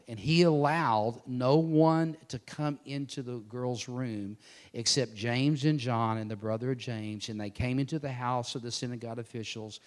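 A man preaching a sermon, swinging between loud emphatic declarations and hushed, intense passages. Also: medium pitch, a little slow.

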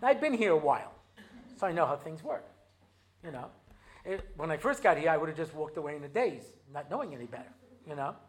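An American rabbi giving a humorous talk, telling anecdotes in a chatty way with many asides and fillers, at times slipping into Hebrew. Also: male voice, fairly high pitch, very animated, fairly quick, a little hiss or hum. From United States. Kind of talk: humorous lecture with acted-out anecdotes. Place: talk given to an audience.

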